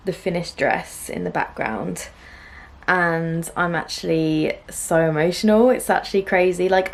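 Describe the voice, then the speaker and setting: A young woman chatting gently to the camera about her sewing, full of fillers and soft laughs. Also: mid-range voice, vocal fry. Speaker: sewing vlogger. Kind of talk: casual chat to camera. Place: small room at home.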